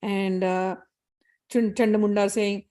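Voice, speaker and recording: A woman casually retelling a scripture story in a conversational way, with fillers and bursts of fast Sanskrit chanting. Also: mid-range voice, flat delivery, dark tone.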